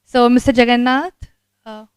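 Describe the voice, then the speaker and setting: A woman's voice: on the high side, steady tone, normal speed, clear, resonant tone, no room sound, low-quality recording. A woman, hosting an event and formally reading out a speaker introduction. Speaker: event host.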